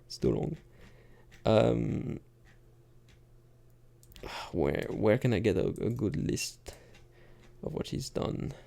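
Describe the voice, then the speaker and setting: A man's voice: fairly low pitch, big pitch swings, takes it slowly, vocal fry, long pauses, warm tone. A man in casual thinking-aloud commentary, muttering asides as he types and reads lines aloud while gaming. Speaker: gamer reading poetry into a game.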